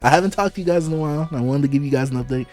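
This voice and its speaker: Hyped young man with a mellow voice. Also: fairly high pitch, rapid-fire, faint music behind. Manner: hyped, playful, exclamatory with laughs. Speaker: YouTuber unboxing manga. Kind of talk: excited casual vlog.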